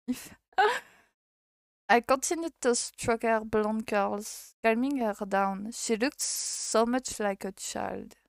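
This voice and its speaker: A French woman streaming and reading a visual novel aloud in English, hesitant and halting, often laughing between lines. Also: fairly high pitch, creaky, no room sound, studio quality. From France.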